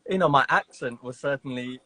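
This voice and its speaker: A man's voice: mid-range voice, a little fast, bright, forceful tone. A man as a guest in a casual interview over a video call, talking in a reflective way with many "you know" and "sort of" fillers.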